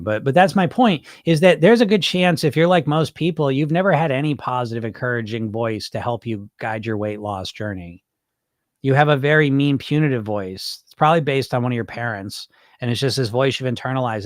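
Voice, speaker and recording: A man's voice: mid-range voice, no room sound, studio quality. A man hosting a weight loss podcast, talking casually and bluntly to his listeners, with the odd swear word and plenty of restarts. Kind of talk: casual live-stream talk.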